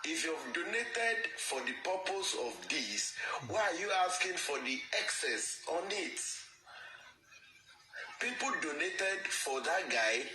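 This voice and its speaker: Lively Nigerian male host, echoey room. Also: a little high, takes it slowly. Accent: Yoruba-influenced Nigerian English. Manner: switches between English and Yoruba, advising and reassuring. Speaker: host of a live call-in. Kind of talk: live-stream call-in talk. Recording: echoey room with music behind.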